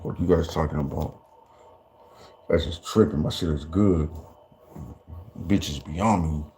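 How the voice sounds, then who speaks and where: A man's voice: a bass voice, measured pace, a little mellow, slight background noise. A man telling stories in rambling, profane casual talk, stammering and restarting often and breaking into laughter. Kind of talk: casual storytelling.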